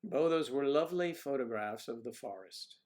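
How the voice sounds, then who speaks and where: A man's voice: medium pitch, expressive, darkish tone. Musing man chatting with his stream. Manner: musing, drawn-out hums between comments. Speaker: livestream host reading chat. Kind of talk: casual livestream chat. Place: at home with TV in background.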